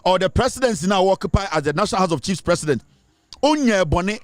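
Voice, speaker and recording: A man's voice: sits high, animated, fast talker, no room sound, faint music behind. A Ghanaian man giving impassioned commentary, lecturing emphatically and switching between English and Twi. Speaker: online commentator.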